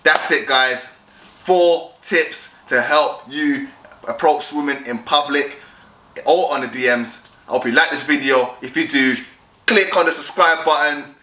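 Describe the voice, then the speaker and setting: A man's voice: fairly high pitch, a little slow, sharp tone, roomy sound. A young man giving dating tips in a casual vlog, talking directly and acting out both sides of conversations. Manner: direct, repetitive, acts out both sides of chats.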